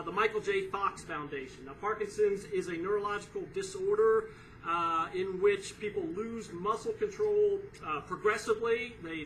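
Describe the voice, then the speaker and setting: A man opening a charity pun contest at a comedy club, explaining earnestly with many filler pauses. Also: high voice, a bit bright. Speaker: comedian and resident punster. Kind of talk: stand-up style introduction to a charity pun contest. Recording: distant room recording, faint noise.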